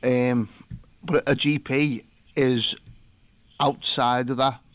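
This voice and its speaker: A man's voice: mid-range voice, fairly even intonation, slow pace, no room sound. A man calling a radio phone-in, speaking hesitantly with many fillers. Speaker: caller. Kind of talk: casual phone-in call.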